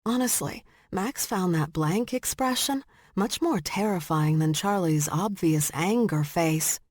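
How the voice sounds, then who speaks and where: A woman narrating a romance audiobook in slow, measured storytelling, recorded close on a studio mic. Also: fairly low pitch, a little mellow, dry recording. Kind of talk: scripted narration.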